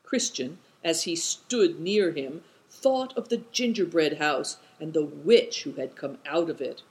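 A narrator reading a storybook aloud in a measured, descriptive way. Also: mid-range voice, rough recording. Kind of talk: audiobook narration.

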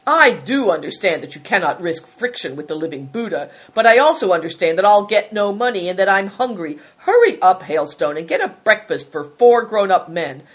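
A woman reading a story, voicing a greedy, bullying man who loudly scorns and demands food. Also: mid-range voice, very animated, moderate pace, hardly any pauses. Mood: scornful. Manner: loud and scornful.

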